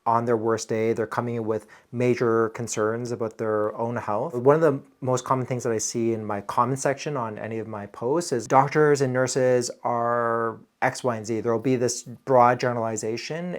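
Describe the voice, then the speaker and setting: Earnest man talking through medical scenes. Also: medium pitch. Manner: earnest, explanatory, conversational. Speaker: emergency physician. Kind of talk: casual reaction commentary.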